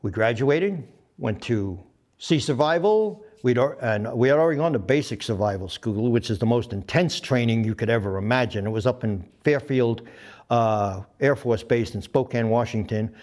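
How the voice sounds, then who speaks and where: An older man in his seventies spins stories from his flying days in a lively, profane way. He swears freely, acts out other people's lines, and makes engine and radio noises as he goes. His voice sits at an ordinary pitch for a man. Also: normal speed. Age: 70s. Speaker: interviewee, veteran pilot. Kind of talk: animated storytelling.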